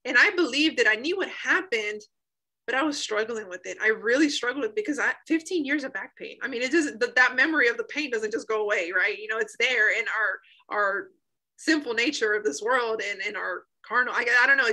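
Woman, 30s, bright slightly high voice, animated storyteller who laughs and acts out quotes. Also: a little fast, poor audio. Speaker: guest sharing a healing testimony. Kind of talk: emotional personal storytelling.

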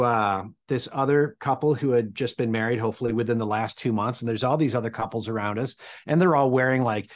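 An American man in his forties telling a personal story to an audience, animated and humorous as he builds suspense. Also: mid-range voice. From United States.

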